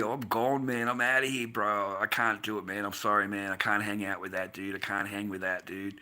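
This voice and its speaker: A man's voice: lowish voice, steady tone, fairly quick, pushed and bright. A middle-aged man, telling long, loose stories on a livestream with plenty of swearing and slang. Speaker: livestream host. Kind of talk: rambling casual storytelling.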